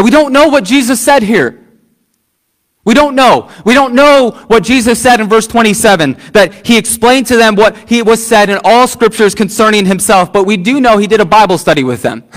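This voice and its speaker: A pastor preaching a sermon, using repeated phrases and asking the congregation questions. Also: male voice, high-pitched, animated, moderate pace, fairly bright tone.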